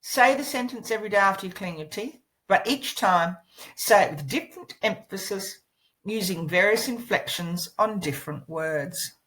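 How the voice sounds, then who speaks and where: Lively, expressive woman voice coach. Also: medium pitch, normal speed, poor audio. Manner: expressive, demonstrates inflections and sings scales. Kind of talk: instructional lesson.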